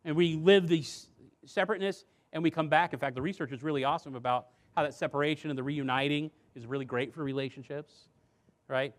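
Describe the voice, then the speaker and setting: A man gives a seminar on parenting and addiction before a live audience. He speaks conversationally, poses rhetorical questions, acts out quoted voices, and drops soft and low when making earnest points.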